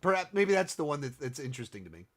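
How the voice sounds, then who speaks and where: Rambling man with a fairly high voice. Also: big pitch swings, fast talker. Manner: rambling, thinks aloud with many restarts. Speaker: host answering viewer questions. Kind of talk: casual commentary.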